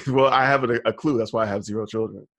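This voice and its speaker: A man's voice: on the low side, quick pace, fairly bright tone, no echo. A man co-hosting a podcast in casual chat, rambling loosely with restarts and laughing often. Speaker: podcast co-host.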